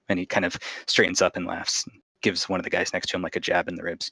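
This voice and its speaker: Deep-voiced man narrating a tabletop game. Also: little pitch movement, fast, gravelly, pushed and bright, no echo, rough recording. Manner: casual, filler-heavy narration. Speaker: game master.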